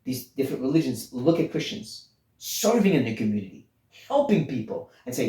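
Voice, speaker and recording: A man's voice: mid-range voice, big pitch swings, a little fast, mellow, echoey room, low-quality recording. A man from Canada teaching on a Bible passage in a sermon style, earnest and blunt, often restarting his sentences. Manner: earnest, blunt, with frequent restarts and emphatic stresses.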